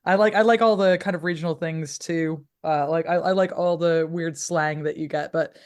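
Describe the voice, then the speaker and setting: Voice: mid-range voice, steady tone, normal speed. Gushing co-host with a mid-Atlantic accent. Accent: mid-Atlantic, between American and English. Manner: enthusiastic, gushing, playful. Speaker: podcast co-host. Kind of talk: casual chat. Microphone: video call.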